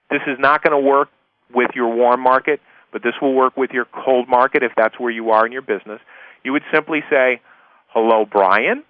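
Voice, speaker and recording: A man's voice: medium pitch, dry recording. A man giving a chatty recorded lesson on sales prospecting, repeating key points and checking in with his listeners. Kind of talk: conversational recorded course lesson. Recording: tinny phone-line audio, dry.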